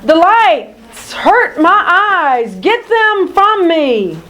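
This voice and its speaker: A sneering storybook mole villain snarls and yelps, pitched a bit high and pushed out loud, as a woman reads him. He drags his threats out slowly, hissing at his foes. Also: sing-song, heavily acted. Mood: snarling villain. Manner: snarling, shouting.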